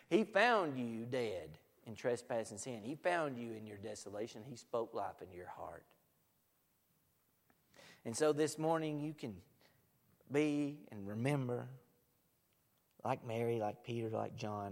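A man preaching a sermon, swinging from loud proclamation to hushed near-whispers, recorded in a church sanctuary. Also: mid-range voice, vocal fry. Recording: long hall reverb.

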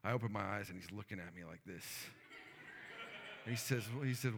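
Male pastor, earnest sermon storyteller, gravelly voice, long hall reverb. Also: lowish voice, moderate pace, pauses often, a bit bright. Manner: storytelling, earnest, many fillers.

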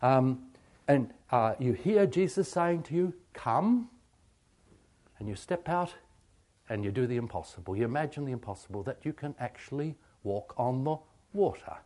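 A man preaching a sermon on meditation, halting with many ums and asking rhetorical questions. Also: medium pitch, expressive, darkish tone. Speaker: pastor.

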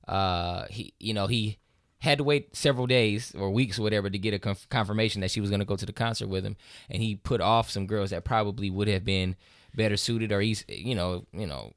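A man's voice: lowish voice, no echo, studio quality. A man co-hosting a podcast, chatting casually and retelling stories with lots of fillers. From United States. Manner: conversational, animated when retelling stories, frequent fillers. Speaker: podcast co-host. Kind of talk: casual discussion.

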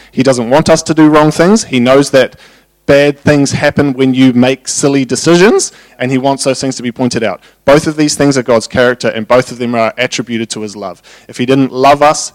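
A man gives a sermon built on anecdotes about home life. His voice sits at an ordinary middle pitch. He turns animated when he acts out the scenes. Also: no echo. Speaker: preacher. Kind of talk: sermon with personal stories.

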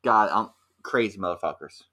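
A young man in casual podcast chat, telling a rambling, animated story full of fillers. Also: fairly low pitch, moderate pace. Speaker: podcast co-host.

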